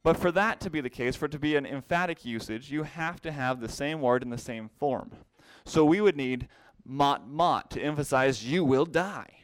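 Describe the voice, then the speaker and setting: A man's voice: fairly high pitch, normal speed, few pauses, no room sound. Male Bible teacher at a whiteboard; explanatory, repeats key terms; close, dry sound. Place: classroom with a whiteboard.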